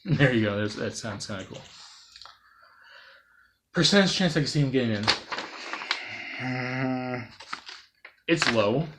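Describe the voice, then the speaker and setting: Excitable rambling man pitching game ideas. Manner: rambling and excitable, many fillers and restarts; bursts into loud playful sound effects. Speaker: gaming video creator. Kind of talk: unscripted gaming commentary.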